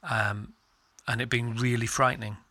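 Candid and jokey, this middle-aged man co-hosts a casual podcast chat and is quick to poke fun at himself. He speaks at normal speed in a mid-range voice with a level, sharp tone, recorded without echo.

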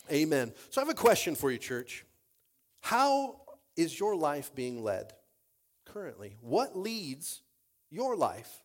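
A male pastor delivers a sermon, reading scripture aloud and praying quietly. His voice sits a touch higher than most men's. He often repeats words as he restarts a sentence. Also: very animated, unhurried. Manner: prays and reads in a soft, low voice.

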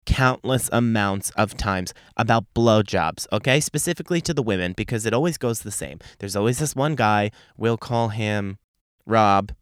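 A man's voice: on the low side, normal speed, smooth, dry recording, clean studio sound. A young man hosting a podcast, telling a brash, foul-mouthed comic story with laughter mixed in. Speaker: podcast host. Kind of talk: profane comedic monologue.

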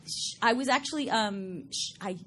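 A woman's voice: fairly high pitch, moderate pace, bright, forceful tone. A middle-aged woman from Long Island, New York, with no regional accent, chatting as a talk show guest in a rambling way and laughing often. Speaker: guest actress. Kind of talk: casual talk show chat.

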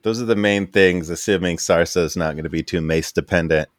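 A man narrating as game master of a tabletop game, relaxed and hedging as he talks. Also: deep voice, brisk, no echo, studio quality.

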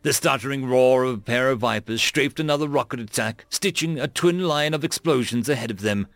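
A man reading military fiction as an audiobook narrator, in a lively, dramatic style. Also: mid-range voice, a little fast, no echo.

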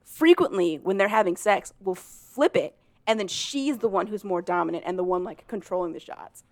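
A woman talks loosely and animatedly in a casual podcast chat, her sentences packed with "like" and broken up by laughs. Her voice sits at an ordinary middle pitch. The sound is close and dry, with no room around it. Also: moderate pace, no room sound. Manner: animated, laughs often, full of "like". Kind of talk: casual chat retelling a story.

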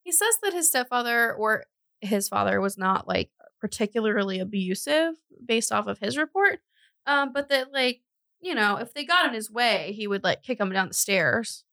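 A woman's voice: a little high, lively intonation, moderate pace, gravelly, sharp tone, no echo. A young woman co-hosting a podcast, telling a true-crime story in a chatty way, with lots of fillers and self-corrections. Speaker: podcast co-host.

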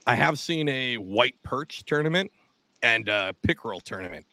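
A man with a gravelly voice, co-hosting a podcast in casual, joking banter. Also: mid-range voice, animated, moderate pace, bright, forceful tone, dry recording. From South Jersey. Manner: joking, teasing. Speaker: podcast co-host.

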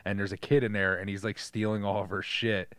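A man's voice: on the low side, level tone, fairly quick, a bit bright, dry recording. A man co-hosting a casual movie podcast, joking around with lots of swearing and laughter. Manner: joking, profane, laughs often. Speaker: podcast co-host.

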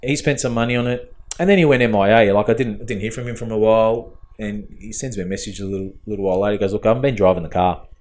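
Australian man, low-pitched voice, casual podcast chat, rambling anecdotes, acts out quoted dialogue. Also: racing, a little mellow. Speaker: podcast co-host, fabricator and tuner.

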